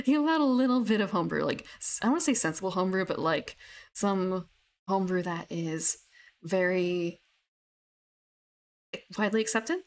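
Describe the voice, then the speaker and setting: A young woman, a tabletop gamer, chats casually about her characters, rambling with many fillers and restarts. Her voice is on the low side and expressive, at normal speed with long pauses.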